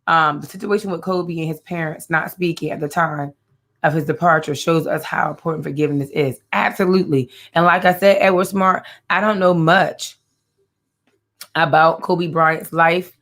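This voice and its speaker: A woman's voice: lowish voice, fairly even intonation, moderate pace. A woman hosting a faith-based talk show, talking earnestly and directly to her viewers and often repeating her phrases.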